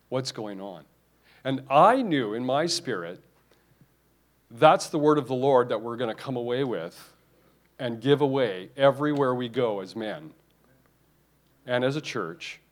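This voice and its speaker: A man's voice: mid-range voice, animated, unhurried, pauses often. A man preaching a sermon, emphatic and repetitive, often restarting his phrases.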